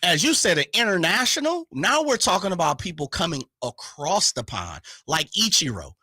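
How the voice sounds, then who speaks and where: A male sports radio host from the Sacramento area, chatting in a hyped, slangy way with quick bursts. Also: high voice, very animated, pushed and bright, husky, dry recording, studio quality. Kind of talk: casual sports talk radio.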